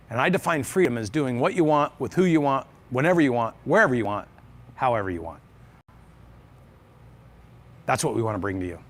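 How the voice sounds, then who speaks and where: A man's voice: medium pitch, fairly bright tone. A man from the United States giving a motivational business talk on stage, emphatic and fond of repeating phrases in threes. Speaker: business speaker.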